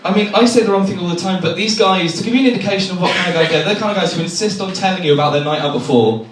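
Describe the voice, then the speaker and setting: On stage at a comedy club, a young English comic races through self-deprecating anecdotes, impersonating the characters in them. His voice sits high, the audience laughs, and the distant recording is echoey and noisy.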